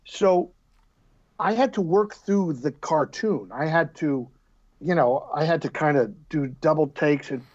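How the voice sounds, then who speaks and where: A man in his fifties, an actor guest on a casual podcast interview, telling stories in an animated, joking way and often restarting his sentences. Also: a little high, measured pace, muffled recording.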